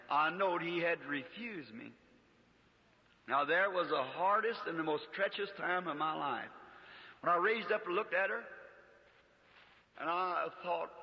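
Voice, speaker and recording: A man, preaching a sermon as an emotional story, pleading and acting out the prayers he recounts. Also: high-pitched. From United States. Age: 50s. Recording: dull old church recording with long reverb.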